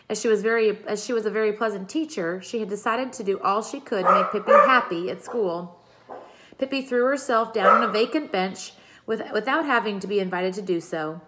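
Woman teacher reading a kids book aloud to her class, expressive. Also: medium pitch, slight background noise. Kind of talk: chapter book read-aloud.

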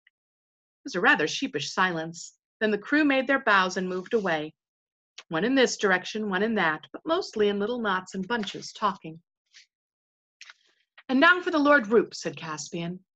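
A woman's voice: medium pitch, lively intonation, normal speed, pushed and bright, dull audio. A woman reading a children's novel aloud, adding casual asides now and then. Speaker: narrator.

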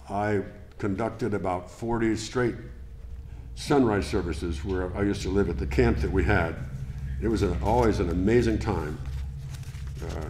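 Pastor, male, low voice, emphatic preaching, roomy sanctuary sound. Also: background noise. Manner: deliberate, emphatic preaching with rhetorical questions. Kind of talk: sermon. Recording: echoey church room.

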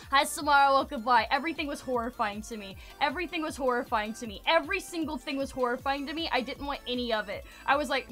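A woman streamer tells stories in a loose, animated way, stacking fillers and stopping to greet viewers. Her voice sits high and sounds sharp and bright. Faint music plays behind her. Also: quick pace, hardly any pauses. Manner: animated, rambling with many fillers, greets chat. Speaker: livestreamer. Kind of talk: casual storytelling chat.

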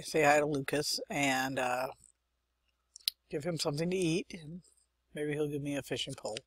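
A woman's voice: low-pitched, moderate pace, long pauses, husky, dry recording. A young woman hosting a let's-play, chatting and thinking aloud as she plays, with muttered asides. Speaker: gaming channel host. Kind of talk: let's-play game commentary.

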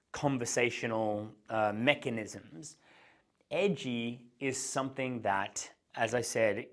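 A man giving an instructional talk as a dating coach, explaining step by step and changing his pace and pitch to act out examples.

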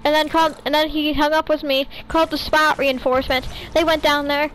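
A woman with a high, light voice tells a long, meandering story over casual voice chat during a game. She fills it with "like" and "um" and keeps going in an easy flow, with faint noise behind her. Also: little pitch movement, a little fast, fairly bright tone, rough recording. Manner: rambling storyteller, full of "like" and "um". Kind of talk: casual voice chat while gaming.

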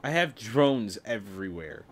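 A young man streaming his gameplay comments casually on it, muttering and swearing in frustration while his voice cracks. He has a lowish, animated voice and speaks at a measured pace.

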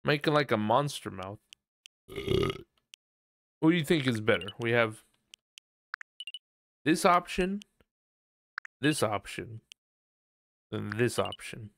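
A man's voice: medium pitch, expressive, normal speed, vocal fry, pauses often, a bit bright, slight background noise. A man streaming a video game live, chatting and thinking aloud as he plays. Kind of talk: casual live-stream commentary.

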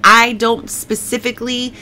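A woman's voice: fairly high pitch, level tone, unhurried, sharp tone, a little hiss or hum. A middle-aged woman giving a personal faith testimony, talking emotionally with many restarts and fillers. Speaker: testimony speaker.

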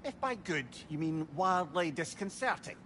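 A man's voice: a little high, expressive, moderate pace, a bit bright, a little hiss or hum. An actor playing a witty, talkative male companion in a video game, dry and wry. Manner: wry, chatty.

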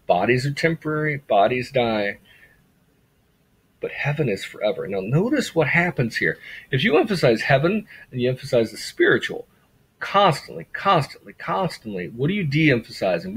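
Husky-voiced man giving a lecture. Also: medium pitch, low-quality recording. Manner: conversational, repeats words for emphasis, rhetorical questions. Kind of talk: classroom lecture on a graphic novel.

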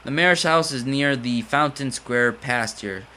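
A man's voice: medium pitch, a little slow, pushed and bright, slight background noise. A man voicing a polite, helpful young woman while reading game dialogue aloud, in a lightly raised, friendly read-through.

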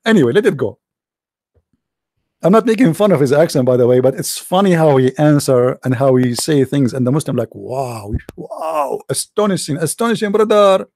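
Here the Arabic-accented man, a non-native English speaker, sounds warm and medium-pitched, talking fairly quickly. As an online religious commentator, he reads from a screen in a mocking, incredulous, sarcastic monologue and mimics sneezes, captured in clean studio sound without room echo.

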